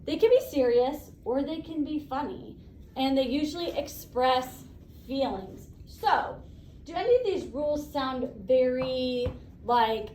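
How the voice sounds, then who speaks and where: A woman teacher leading a classroom lesson, brisk and encouraging, asking the class questions. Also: sits high, lively intonation, warm tone, reverberant, far from the mic, slight background noise, low-quality recording.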